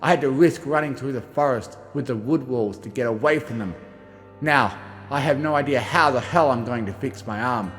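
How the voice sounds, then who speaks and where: A man narrating a first-person journal as an audiobook, reading expressively and shifting between gruff and frightened delivery. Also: medium pitch, moderate pace, fairly bright tone, long reverb tail, soft background music. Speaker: audiobook reader.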